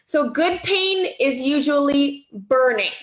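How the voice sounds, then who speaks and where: A woman's voice: high voice, expressive, slow pace, fairly bright tone, roomy sound, rough recording. A woman coaching a group on weight loss in a chatty way, often checking in with "okay?" and "right?".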